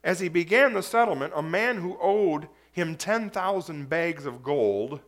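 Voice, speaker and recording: A man's voice: a little high, animated, a little slow, a bit bright. A man preaching a sermon to a congregation, reading scripture aloud and breaking off to explain it in a conversational way, often asking the audience questions.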